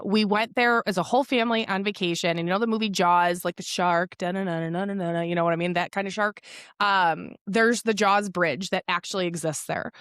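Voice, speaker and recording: Podcast host, woman, thirties, casual and profane, mid-pitched, dry room. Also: clear, resonant tone, dry recording. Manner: profane, animated storytelling. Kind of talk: casual motivational monologue.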